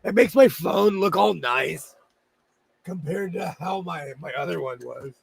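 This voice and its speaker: Man, Minnesotan accent, sewing host, husky, playful outbursts, dry sound. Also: fairly high pitch, expressive, measured pace, no room sound. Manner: playful, laughing, bursts of loud exclamations. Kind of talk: casual livestream chat.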